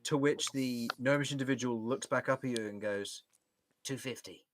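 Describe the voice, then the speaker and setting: A man narrating a tabletop game as game master, describing scenes in a relaxed, halting way. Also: medium pitch, faint music behind.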